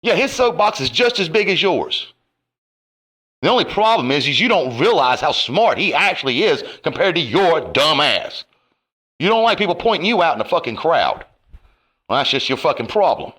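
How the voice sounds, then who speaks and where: A man's voice: fairly high pitch, sing-song, normal speed, fairly bright tone. A man delivering a profane, confrontational rant to camera, his heat rising and falling. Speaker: online commentator.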